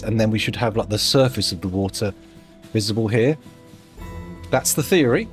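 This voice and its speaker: Chatty man streaming a game. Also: mid-range voice. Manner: chatty, self-mocking, thinks aloud. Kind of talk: casual live-stream commentary while playing.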